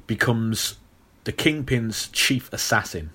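A man with a bright, forceful voice chats on a movie podcast. He rambles and restarts often, and he teases his co-host playfully. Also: mid-range voice, lively intonation, slow, husky. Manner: rambling, teasing, many restarts. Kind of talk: casual movie podcast chat.

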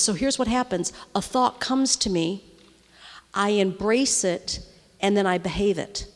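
A woman's voice: mid-range voice, a little slow. A middle-aged woman preaching to a room of women in a conversational way. She often checks in with the audience and drops to a near-whisper when moved. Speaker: women's ministry speaker. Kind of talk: sermon. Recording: long reverb of a large hall.

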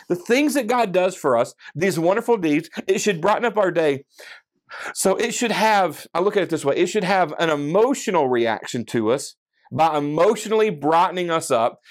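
A man with a fairly high voice giving a friendly, conversational Bible teaching. He works through a passage verse by verse and checks in with listeners as he goes. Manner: conversational, enthusiastic Bible teaching with frequent "okay?" check-ins. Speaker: preacher. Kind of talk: sermon.

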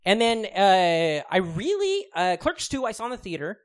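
At a normal speed, a man in his thirties chats on the podcast he co-hosts, his high voice rising and falling in a sing-song way. He rambles casually, swears, uses lots of fillers, and laughs a lot.

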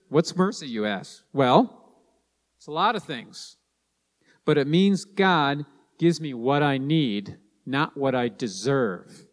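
Guy preaching, slightly high voice, repeats his points, long hall echo. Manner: emphatic, repeats key lines. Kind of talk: sermon.

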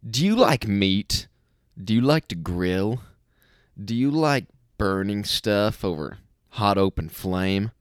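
A man's voice: on the low side, lively intonation, takes it slowly, no room sound, studio quality. A man, the podcast host, reading a sponsor spot in an exaggerated announcer voice. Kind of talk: ad read.

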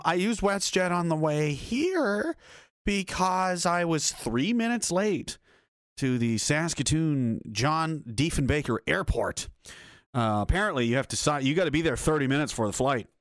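A man's voice: fairly high pitch, dry recording, studio quality. A man livestreaming and reading his chat, telling rambling stories in a blunt, crude, profane rant. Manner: rambling storyteller.

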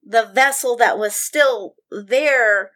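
Woman, high voice, animated storyteller, casual chat. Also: takes it slowly. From Denver. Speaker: podcast guest storyteller.

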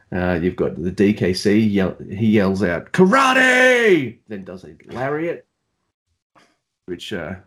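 A man's voice: low voice, darkish tone. A man with an Australian accent, chatting casually and rambling with jokes as a podcast co-host. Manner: rambling, joking, self-deprecating. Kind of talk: casual chat.

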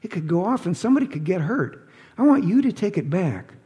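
A man's voice: high voice, sing-song, a little fast, warm tone, in a large hall, muffled recording, pitched above the performer's own voice. A man putting on a sly sugary ex-wife. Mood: sugary teasing. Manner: sugary, teasing, falsely innocent. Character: sly sweet-talking divorced woman. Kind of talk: audiobook reading.

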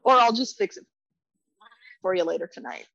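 A woman's voice: mid-range voice, normal speed, gravelly, a bit bright, dry recording. Blunt woman co-host, slightly dull sound. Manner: blunt, emphatic reactions. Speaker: podcast co-host. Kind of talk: casual chat.

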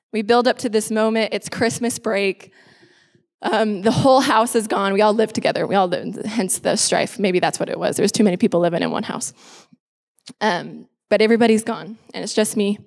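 A woman pastor giving her testimony as a sermon, telling her story with animated quoted voices. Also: fairly high pitch. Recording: long hall reverb.

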